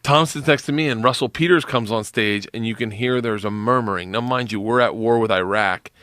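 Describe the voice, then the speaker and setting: A man's voice: medium pitch, fairly quick, clean tone, no room sound. A man telling a comedic story about a gig, laughing as he talks, on a close studio mic. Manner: laughing, lively delivery. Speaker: podcast guest.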